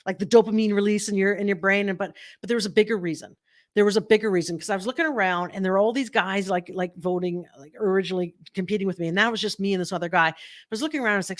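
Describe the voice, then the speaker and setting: A middle-aged woman coach telling a story to her online group, chatty and animated, acting out the voices in it with many fillers. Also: medium pitch, racing. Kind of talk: live-streamed storytelling to a group.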